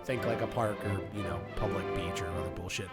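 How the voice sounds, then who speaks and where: A man's voice: low voice, fairly even intonation, fast, over loud music. Casual man reading wedding tips. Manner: reads tips aloud then riffs, swears casually. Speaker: podcast co-host.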